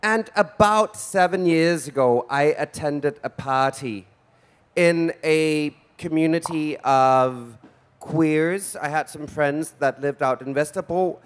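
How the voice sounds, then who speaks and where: A man's voice: a little high, slow pace, clean tone. A man in his forties hosting a live event as a drag queen, with flamboyant, theatrical camp banter on stage. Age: 40s. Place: event stage before an audience.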